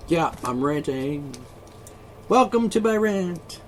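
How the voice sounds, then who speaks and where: A man in the middle of an angry solo rant, swearing freely and dripping with sarcasm. His pitch jumps all over the place as he mocks the people he is fed up with. A faint hiss of noise sits under the recording. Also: big pitch swings, normal speed, pauses often. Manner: profane, sarcastic, mocking. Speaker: ranting vlogger.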